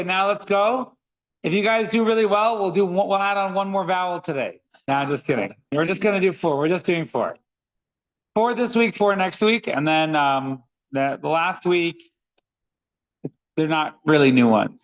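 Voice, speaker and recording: A man's voice: sits high, normal speed, rough recording. A man teaching a reading class, patiently sounding out letters and words one by one for his students. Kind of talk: classroom lesson.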